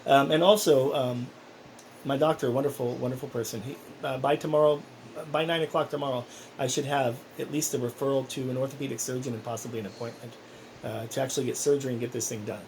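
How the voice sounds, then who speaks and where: A man's voice: medium pitch, steady tone, quick pace, creaky, a little mellow, a little hiss or hum, low-quality recording. A man talking casually in a personal vlog, rambling and earnest, with many restarts. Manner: earnest, encouraging. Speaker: vlogger.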